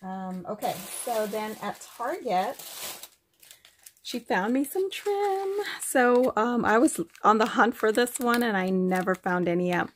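A woman's voice: mid-range voice, lively intonation, unhurried, slight background noise. A woman vlogger gushing over craft gifts in a casual show-and-tell, talking to her viewers at home. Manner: gushing, effusive, addresses viewers as you guys.

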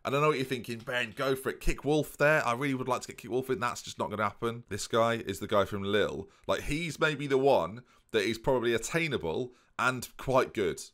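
A man's voice: mid-range voice, a little fast, few pauses, a bit bright. A man giving playful, joking let's play commentary on a football management game and talking to his viewers. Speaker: gaming commentator.

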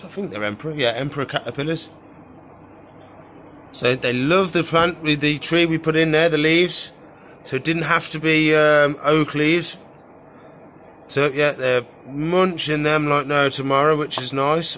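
This exotic pet vlogger speaks a little high at a moderate pace, over a faint hiss or hum. Showing his animals and tanks, he rambles along comfortably, saying "so yeah" a lot.

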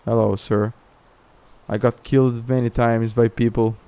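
A Brazilian man with a Brazilian Portuguese accent, a gaming YouTuber doing excitable, exaggerated commentary and in-game voice chat, swearing a lot. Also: medium pitch, a little slow, smooth.

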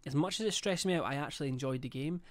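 A young man hosts a game live stream in a loose, chatty way. His voice sits a bit high for a man. He swears freely and reads out chat and subscriber messages as he talks. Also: very fast. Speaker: livestreamer.

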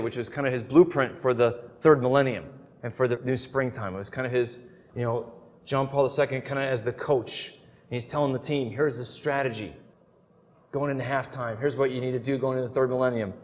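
A man's voice: mid-range voice, fairly even intonation, fairly quick, darkish tone, big-room sound. A middle-aged man giving an earnest, emphatic talk on prayer, telling stories as he teaches. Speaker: Catholic speaker. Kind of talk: sermon-style teaching talk.

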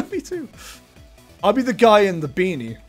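Unhurried and high-pitched, with huge swings in pitch, this man chats casually while live-streaming a card game. He pokes fun at himself and laughs often. Faint music plays behind him, picked up through a desk microphone and webcam.

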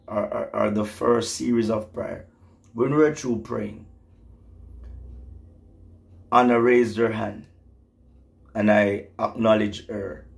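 A man's voice: medium pitch, vocal fry. A middle-aged man preaching an emotional prophetic sermon, rising to fervent exclamations.

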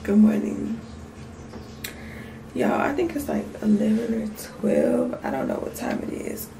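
A woman's voice: mid-range voice, wildly swooping pitch, a little slow, gravelly, mellow, slight background noise, rough recording. A woman in her twenties, a young mom, chatting casually to her viewers in a vlog just after waking up, sleepy, with speech. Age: 20s. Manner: chatty, candid, talks straight to viewers. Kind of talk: casual vlog chat to camera.

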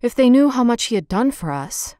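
A woman's voice: fairly high pitch, sing-song, fairly quick, dark tone, dry recording, studio quality. A woman voicing an earnest, protective older boy in a storybook reading. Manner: earnest, timid but determined.

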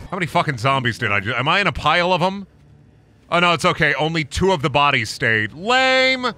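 A young adult gaming streamer rambles casually as he plays, cracking jokes and tossing in profane asides. His voice is on the high side, sing-song, brisk, pushed and bright.

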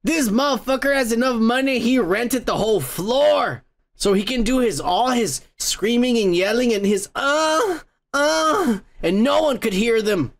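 A man's voice: extremely high pitch, expressive, moderate pace. A tipsy male podcast host in a profane, rambling rant, swearing and laughing often. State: tipsy from beer.

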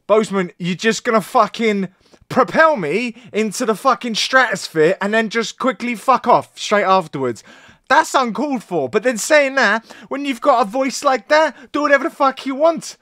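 A British reaction video host giving casual, excitable commentary full of swearing and loud exclamations. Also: medium pitch, normal speed, dry recording, clean studio sound. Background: song playing faintly.

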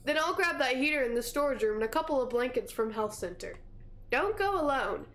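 A woman's voice: sits high, animated, moderate pace, fairly bright tone. A woman gaming streamer reading game dialogue aloud with playful giggles.

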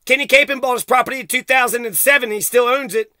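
A man with a very high, sharp and piercing voice unloads a profane, accusatory rant straight at the camera. His heated delivery sounds close and completely dry, with no room at all around it. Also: fast talker, no echo. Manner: heated, swearing constantly, accusatory. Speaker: vlogger.

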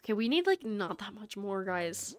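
A woman's voice: mid-range voice, big pitch swings, normal speed. A woman streamer chatting casually with her viewers while playing a game, rambling and talkative. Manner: rambling, chatty, talks to chat. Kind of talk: casual live-stream chat while gaming.

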